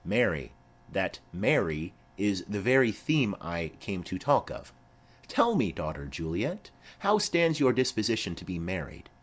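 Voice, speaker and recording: Man doing a formal noble mom, slow and commanding, low voice. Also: very animated, husky, full character voice. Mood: stately. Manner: formal, measured declamation.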